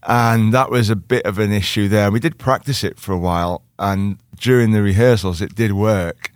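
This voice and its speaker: A man with a Liverpool accent telling an animated story as a guest and acting out the quotes in other voices. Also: fairly low pitch, moderate pace, clear, resonant tone, dry recording, studio quality. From Liverpool, England. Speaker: actor guest. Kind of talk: casual chat, storytelling.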